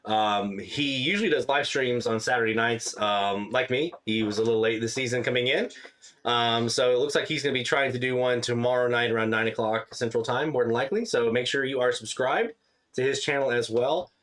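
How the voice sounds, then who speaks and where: A man's voice: mid-range voice, fairly quick. A man hosting a live radio listening stream, talking casually and easygoing with many fillers. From Louisiana. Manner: relaxed, chatty, many fillers.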